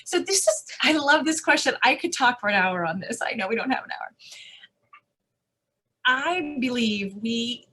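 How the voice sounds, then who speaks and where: A woman conference speaker answering audience questions, animated and emphatic, with rhetorical questions and frequent restarts. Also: on the high side, normal speed. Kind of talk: live Q&A answers.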